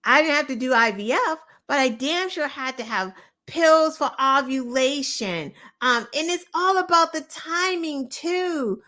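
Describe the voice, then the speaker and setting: A woman's voice: high voice, lively intonation, measured pace, sharp tone. A woman hosting a show, giving opinionated political commentary in an impassioned, profane way, firing off rhetorical questions. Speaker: show host.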